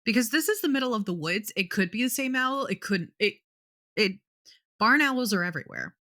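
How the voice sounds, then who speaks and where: A woman's voice: fairly high pitch, big pitch swings, a little fast, bright, forceful tone. A woman playing in a tabletop game with friends, joking and laughing often. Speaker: podcast host and player. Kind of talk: tabletop game session, casual chat.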